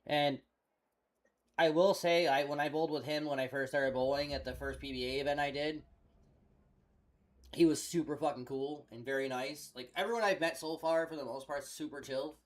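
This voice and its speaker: A man's voice: on the high side, moderate pace. A young man chatting casually on a headset mic, telling a long rambling story full of swearing. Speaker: streamer. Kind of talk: casual chat.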